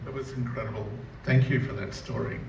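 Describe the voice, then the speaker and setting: A man's voice: medium pitch, fairly even intonation, fairly quick, vocal fry, darkish tone. A man hosting an interview, responding in an appreciative, reflective way. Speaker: host. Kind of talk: interview chat. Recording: dull, distant, echoey with faint noise.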